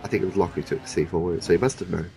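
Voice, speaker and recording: A man in casual chat about a TV show, talking animatedly and breaking into quick impressions. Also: deep voice, fairly even intonation, mellow, soft background music.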